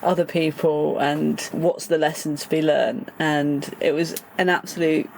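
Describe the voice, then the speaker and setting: A woman's voice: low voice, fairly even intonation, a little slow, creaky, darkish tone, slight background noise, poor audio. A young British woman, a podcast guest, chiming in with short remarks in casual talk. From Britain. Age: young adult. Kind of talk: casual conversation.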